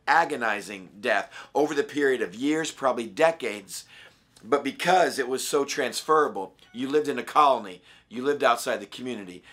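Raspy-voiced man giving a devotional. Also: mid-range voice, fairly bright tone. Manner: earnest and conversational, reading scripture with emphasis. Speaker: pastor. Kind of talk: daily devotional Bible study.

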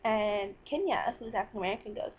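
A woman's voice: medium pitch, fast, slightly rough, dull audio. A teenage girl venting about her day in a rambling, sarcastic personal vlog. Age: teens. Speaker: vlogger.

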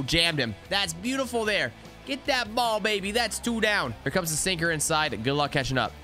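A young man giving excited live commentary while playing a baseball video game, talking to his players on screen. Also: fairly high pitch. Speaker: gaming YouTuber.

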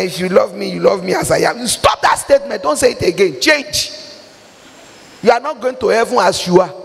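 A woman with a Nigerian accent preaching a sermon, exhorting forcefully and breaking into pidgin and shouts. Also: mid-range voice, long reverb tail.

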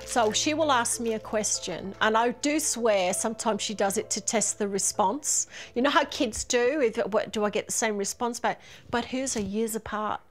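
A woman's voice: on the high side, moderate pace, hardly any pauses, faint music behind. A woman with an Australian accent, a mother, candidly describing home life in an interview. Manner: candid, exasperated storytelling. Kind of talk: interview answers.

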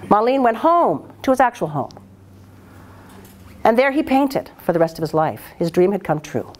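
A woman storyteller telling a folktale aloud in a dramatic, expressive way, with voiced sound effects. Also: mid-range voice, moderate pace.

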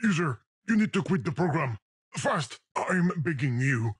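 A fretful talking game. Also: male voice, fairly high pitch, very animated, measured pace, breathy edge, dry recording, clean studio sound, full character voice. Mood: anxious. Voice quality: accented English. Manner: anxious, pleading. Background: game music.

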